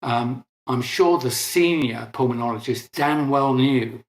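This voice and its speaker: A middle-aged man speaking as an interview guest, in a mid-pitched voice that carries an echo from the room around him. He explains at length in a conversational, emphatic way and stops to correct himself mid-sentence. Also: measured pace.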